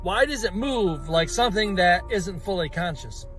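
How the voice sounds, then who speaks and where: A man's voice: high-pitched, animated, normal speed, a bit bright, soft background music. A man doing conspiracy commentary, insistent and challenging the listener.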